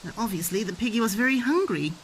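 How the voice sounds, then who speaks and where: Animated mother teaching toddler words. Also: medium pitch, fast talker, a little hiss or hum. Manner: animated, sing-song, makes animal sounds. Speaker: parent teaching Shona words. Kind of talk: playful home teaching with toys.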